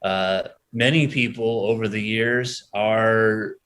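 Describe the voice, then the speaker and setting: A man's voice: lowish voice, fairly even intonation, slow pace, a bit bright, clean tone. A man co-hosting a casual podcast, talking in a rambling, hesitant way. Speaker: podcast co-host. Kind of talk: casual chat.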